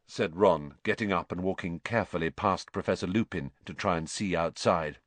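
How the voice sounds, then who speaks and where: A man narrating an audiobook in a measured, expressive way. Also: low voice, dry recording.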